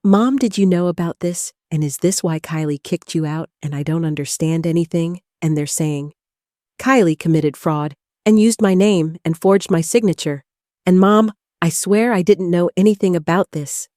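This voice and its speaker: A frightened, weepy grown son spills his words in one breathless run-on plea, as a woman narrator reads him. The voice stays lowish and mellow, close and dry, like a storybook reading. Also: normal speed, dry recording, natural voice. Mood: panicked. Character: panicked grown son, tearful and weak.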